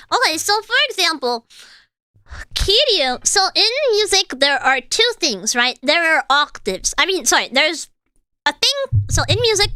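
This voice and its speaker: A woman's voice: very high-pitched, bright, forceful tone, no echo, studio quality. A young woman streamer and voice actor chatting casually to her viewers, explaining singing and trying out lines. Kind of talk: casual reaction stream chat.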